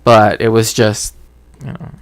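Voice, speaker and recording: A man's voice: on the low side, steady tone, a little slow. A man hosting a stream, telling a story in a rambling, self-interrupting way, often starting over mid-sentence. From Mexico. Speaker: stream host. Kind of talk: casual chat.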